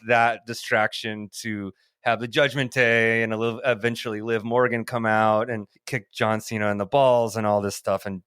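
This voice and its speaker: A man co-hosting a podcast, telling an animated, rambling story in casual chat, swearing freely. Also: lowish voice, normal speed, hardly any pauses, smooth, no echo, studio quality. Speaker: podcast co-host.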